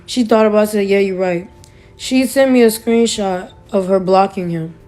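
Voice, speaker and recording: A woman's voice: medium pitch, moderate pace, warm tone, soft background music. A young woman telling her own story in a casual, emotional way, acting out what others said to her. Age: young adult. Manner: emotional, quotes others in conversation. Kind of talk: casual personal retelling.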